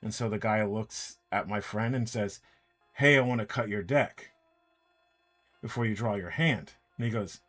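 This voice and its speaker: A man's voice: lowish voice, moderate pace. A man casually telling a long anecdote during a painting stream, acting out what each person said. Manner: animated anecdote, quoting others in dialogue. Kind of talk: casual storytelling while painting miniatures. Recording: faint music in background.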